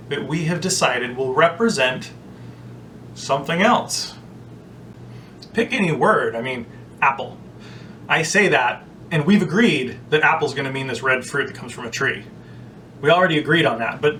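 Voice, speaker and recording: A man giving a casual, chatty teaching talk on prayer, full of anecdotes and "like". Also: sharp tone. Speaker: spiritual teacher. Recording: distant mic with faint rumble.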